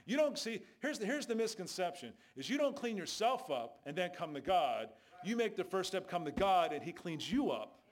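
A man's voice: sits high, sing-song, normal speed, few pauses. A man preaching a sermon as a street preacher, telling stories and asking rhetorical questions with emphatic delivery.

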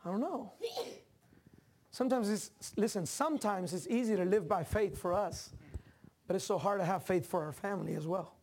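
A man preaching a sermon as pastor, talking with the congregation in casual asides and climbing into animated, shouted passages. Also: high voice, moderate pace, a little hiss or hum.

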